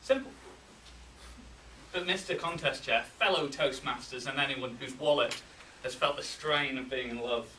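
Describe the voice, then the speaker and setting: A man with a Yorkshire accent giving a humorous contest speech, with deadpan timing and pauses for laughs. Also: medium pitch, slight background noise. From England. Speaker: contest speaker. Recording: roomy hall, mic from a distance.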